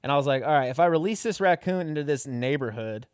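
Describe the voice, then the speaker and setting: A man's voice: fairly high pitch, lively intonation, quick pace, clear, resonant tone, no room sound, clean studio sound. A young man, a guest comedian, telling a rambling, profanity-laden story in casual podcast chat, laughing as he goes.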